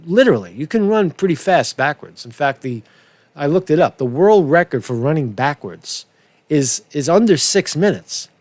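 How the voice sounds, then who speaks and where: A man's voice: fairly high pitch, big pitch swings, moderate pace, a little mellow, dry recording. A man hosting a casual political commentary show, rambling and profane with many restarts.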